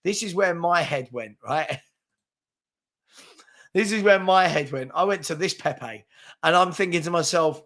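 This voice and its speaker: A man's voice: fairly high pitch, unhurried, pauses often, fairly bright tone. A man, hosting a casual live football chat stream, reading out viewer comments in a chatty, rambling and self-deprecating way, tired from an early start. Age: 40s. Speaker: football channel host.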